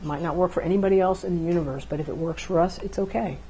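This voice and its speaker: A woman's voice: on the low side, rapid-fire, warm tone, a little hiss or hum. A woman instructor giving a classroom lecture on communication, repeating key phrases and checking in with her listeners. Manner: acts out couples' dialogue to illustrate.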